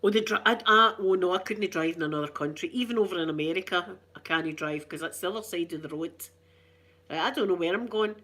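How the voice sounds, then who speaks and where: A woman's voice: on the low side, fast, a bit bright. A middle-aged Scottish woman chatting casually for her ASMR channel, rambling through cheeky, self-mocking stories. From Scotland.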